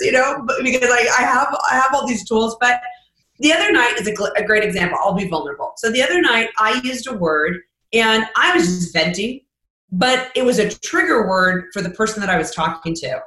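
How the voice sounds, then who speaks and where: A woman author talking as a podcast guest, emphatic and animated, acting out sample conversations as she explains her advice. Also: fairly high pitch, roomy sound, low-quality recording. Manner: animated, emphatic, acts out example dialogue. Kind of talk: podcast interview.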